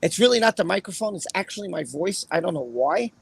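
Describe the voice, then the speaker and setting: A man hosting a casual livestream with a raspy voice, chatting and then reading a court opinion aloud in a rambling way. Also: high voice, sing-song, fast talker. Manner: rambling, chatty, with fillers and repeated phrases. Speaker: livestream host.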